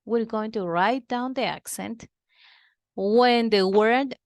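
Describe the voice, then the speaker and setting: A woman with a slightly high voice speaks slowly, recorded in clean studio quality with no echo. She teaches Spanish to children patiently, explaining things, repeating key terms, and switching between Spanish and English in a slow lesson for kids.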